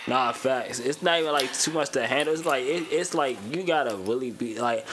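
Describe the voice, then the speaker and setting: A young man co-hosting a podcast in casual chat, relaxed and blunt, laughing often. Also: mid-range voice, a little fast.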